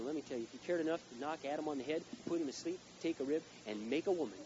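Man, pastor, fast-talking, sermon with storytelling, muffled live church sound. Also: on the high side, slightly rough. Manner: storytelling, animated, rising to loud emphatic peaks.

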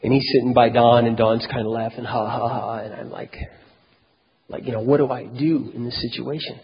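A man preaching, telling a personal story in a lively, conversational way that swings from loud to very quiet. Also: medium pitch, brisk, slightly rough. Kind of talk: sermon storytelling. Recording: dull echoey hall recording.

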